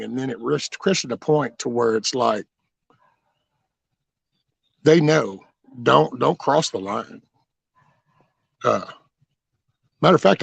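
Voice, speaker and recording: A middle-aged man with a deeply gravelly, raspy voice, telling stories from his life in a loose, rambling way. He is blunt and swears freely. The sound is dry and close. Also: no room sound. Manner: rambling, blunt and profane, with many restarts. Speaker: channel host telling his life story. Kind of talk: casual storytelling.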